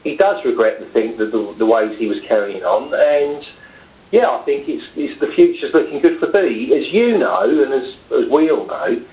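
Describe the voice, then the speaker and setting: A man's voice: medium pitch, very animated, moderate pace. A man with a London accent, chatting casually as a guest, hesitant and full of restarts. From London, England. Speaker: guest, cab driver. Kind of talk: casual chat. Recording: echoey, dull lo-fi sound.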